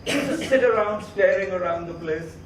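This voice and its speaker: A proud, hot-tempered farmer father, as a male storyteller puts him on, blustering and demanding. The voice sits a little high and swings widely in pitch. It comes from some distance in a roomy, echoing space. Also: expressive, normal speed, noisy background. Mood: boastful, badgering. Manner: blustering, demanding, shouting in anger.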